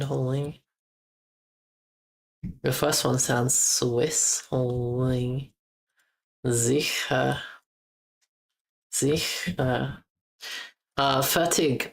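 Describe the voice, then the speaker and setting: A woman's voice: a bass voice, slow. A woman streaming casually, repeating German words aloud as she practices pronunciation and blurting out casual exclamations. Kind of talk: casual live-stream chat.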